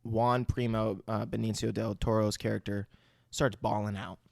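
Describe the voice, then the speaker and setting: A man's voice: fairly low pitch, flat delivery, moderate pace, gravelly, a little mellow, no room sound, clean studio sound. A man co-hosting a casual movie podcast, talking in a laid-back way with plenty of swearing. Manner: laid-back, swears a lot, laughs along. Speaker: podcast co-host. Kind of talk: casual movie recap chat.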